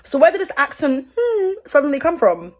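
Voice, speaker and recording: A woman's voice: high voice, wildly swooping pitch, moderate pace, a little mellow. A British woman chatting sassily in a get-ready-with-me commentary from her bedroom, laughing often and using slang. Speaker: commentary YouTuber.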